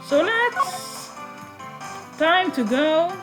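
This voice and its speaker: A woman's voice: extremely high pitch, sing-song, drawn-out words, a bit bright, soft background music, poor audio. A woman from Israel with an Israeli accent, streaming a game and making wry asides. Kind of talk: game reading livestream.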